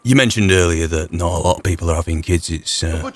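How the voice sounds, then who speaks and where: A man's voice: low-pitched, quick pace, close to an everyday voice. A man playing a blunt, teasing, suspicious frontier fisherman. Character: gruff cagey frontier man who fishes.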